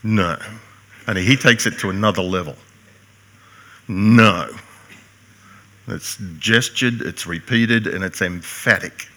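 A man's voice: low-pitched, moderate pace, few pauses, sharp tone. An older man preaching a sermon, earnest and emphatic, posing rhetorical questions to his congregation. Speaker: pastor.

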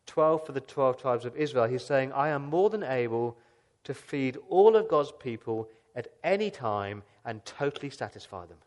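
Man, pastor type, earnest sermon delivery, mid-range voice, swings from loud to hushed. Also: mid-range voice, animated, moderate pace. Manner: earnest preaching with rhetorical questions and big swings between loud and soft.

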